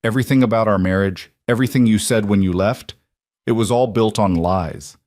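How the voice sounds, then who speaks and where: A man's voice: on the low side, brisk, darkish tone, no echo, clean studio sound, lightly acted. A man reading the lines of a cold, controlled mafia boss in a told story.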